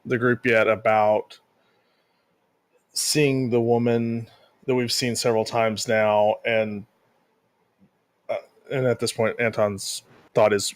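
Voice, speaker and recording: A man talks as a player in a tabletop game, casual and a bit halting. His voice sits mid-pitch and close to the mic with a dry sound and no room echo. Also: flat delivery. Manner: casual, hesitant with fillers. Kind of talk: casual in-character play.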